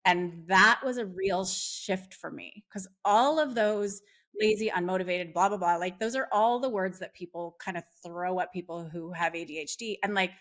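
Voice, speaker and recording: A woman's voice: fairly low pitch, moderate pace, fairly bright tone. A woman speaking as a podcast guest, talking earnestly with frequent fillers and restarts. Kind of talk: casual conversation.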